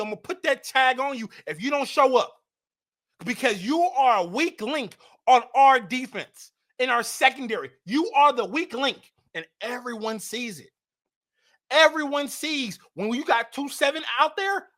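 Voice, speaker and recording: A woman giving heated football fan commentary, blunt and mocking, rising to shouts. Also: high voice, animated, moderate pace. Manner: repetitive, mocking trash talk.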